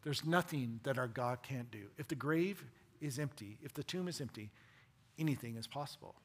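A man preaching a sermon as a pastor, dramatic and animated, swinging between loud and hushed. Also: mid-range voice, moderate pace, husky.

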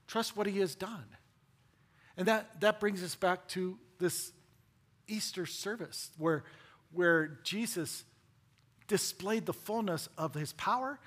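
A man preaching a sermon as a pastor, dramatic and animated, swinging between loud and hushed. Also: a little high.

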